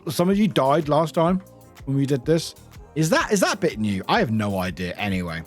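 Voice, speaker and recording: At a normal speed, a British man keeps up casual live-stream banter over his gameplay in a high, highly animated voice that leaps around. He laughs repeatedly, swears without restraint and bursts into shrill shouts, with soft music murmuring behind him.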